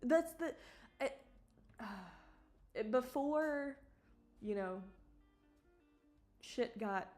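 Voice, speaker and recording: A woman chatting casually on a live stream about her own work, animated and swearing, with mock outrage and quick laughs. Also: on the high side, faint music behind.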